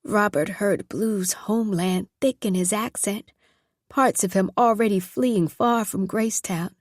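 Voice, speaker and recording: Woman reading an audiobook, kinda husky, dry close sound, steady pace. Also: medium pitch, measured pace, no echo. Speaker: audiobook narrator. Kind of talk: scripted narration.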